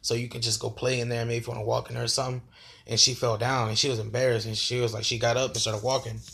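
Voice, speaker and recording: A man's voice: mid-range voice, little pitch movement, fast talker, creaky, fairly bright tone. A young man vlogging a casual storytime, rambling and slangy with lots of fillers.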